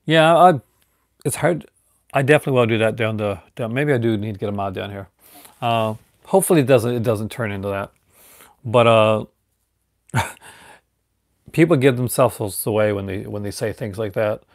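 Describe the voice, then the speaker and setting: A man's voice: lowish voice, moderate pace, pauses often, no room sound, clean studio sound. A man from Newfoundland, Canada, chatting casually on a live stream and rambling through restarts and fillers.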